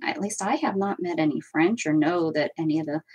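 A woman's voice: low-pitched, a little fast, darkish tone, breathy edge, rough recording. A woman hosting a crafting livestream from home, chatting casually and rambling as she works and answers viewer comments. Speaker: crafting channel host. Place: at home with her cats.

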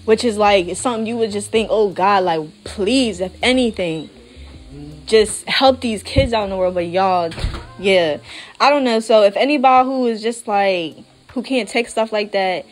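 A young woman vlogger chatting casually to her viewers, full of fillers and asides. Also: mid-range voice. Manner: chatty, lots of fillers, addresses viewers as y'all. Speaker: nail art vlogger. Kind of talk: casual chat while working.

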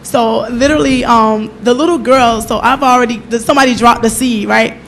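High-voiced woman telling a lively testimony. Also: fairly quick, a little hiss or hum. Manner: animated storytelling, acting out her own and others' words. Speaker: church member giving testimony. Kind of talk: personal testimony at a church service.

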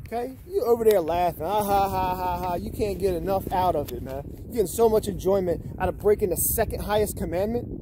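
A man with a notably high voice rants in a casual, accusatory way, breaking into scripture readings between his complaints. He keeps tagging his lines with "man" and "bro." Steady background noise and passing vehicles run under the recording. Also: fast talker, hardly any pauses.

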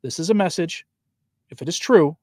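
A man reading a long message aloud in a solemn, emphatic way with grave pauses, then breaking off to add his own commentary as host. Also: fairly high pitch, lively intonation, a little mellow, no echo, studio quality. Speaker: host of a traditionalist Catholic commentary channel.

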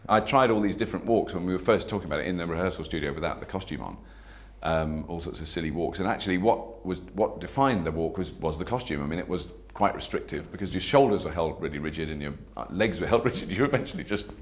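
A man's voice: sits low, expressive, fast talker. A man, an actor in an interview, telling chatty, self-mocking stories. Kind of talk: anecdotal interview.

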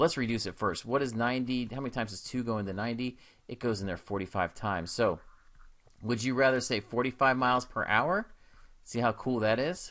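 A man's voice: medium pitch, a bit bright. A man teaching a recorded math lesson in an upbeat, casual and encouraging way, with slangy asides.

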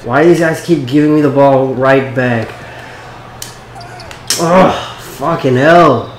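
A man giving casual, excitable gameplay commentary, cursing and talking back to the game and his coach. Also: medium pitch, takes it slowly, roomy sound, a little hiss or hum. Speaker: gaming YouTuber.

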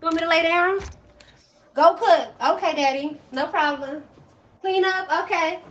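A young woman, hosting a casual livestream, loud, brash and joking with viewers. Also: very high voice, normal speed, dull audio. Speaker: livestream host.

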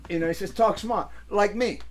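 An older man hosting a casual show, telling rambling stories and breaking into loud voices for the people in them. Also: high-pitched, moderate pace. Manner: rambling, animated storyteller, swings into loud character voices. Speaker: host. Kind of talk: casual storytelling chat.

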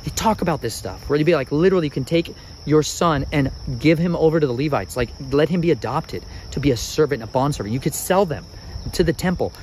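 A man's voice: a little high, a little hiss or hum, low-quality recording. A man reading and explaining Bible passages to his family in a casual way. He keeps stopping to chat with his children. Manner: animated, chatty, breaks off to talk to his children. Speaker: father teaching scripture.

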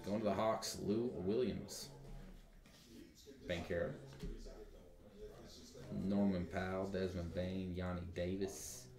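A man's voice: low voice, level tone, slow, long pauses. A man hosting a live card break, rattling off card names and joking with others. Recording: echoey room with crowd noise.

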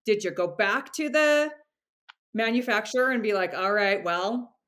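A woman's voice: medium pitch, moderate pace, a bit bright. A woman hosting a podcast, chatting casually and affirming her guest with enthusiasm. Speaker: podcast host. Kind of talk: casual interview chat.

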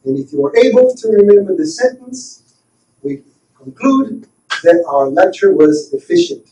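A man giving an earnest spiritual lecture in a slow storytelling manner, heard in a lecture room from far off the mic. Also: high-pitched, very animated, warm tone. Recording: roomy hall, voice from far off.

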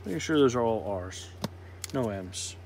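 A man's voice: medium pitch, animated, unhurried, darkish tone, a little hiss or hum. A man opening trading card packs, calling out each card's name in casual commentary with joking, self-deprecating asides. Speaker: card pack opener.

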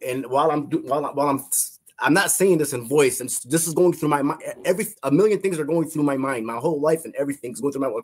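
A man telling a personal testimony in a halting way, repeating and restarting his phrases. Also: medium pitch, slightly rough. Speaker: testimony guest.

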